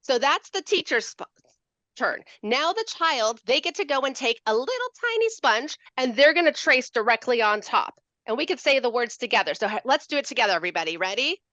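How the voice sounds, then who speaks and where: Woman teacher on a video call, high voice, bouncy, asks the audience questions as she teaches. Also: brisk, no echo, muffled recording. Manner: animated, playful, asks questions. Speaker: literacy educator. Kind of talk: lively teaching demonstration.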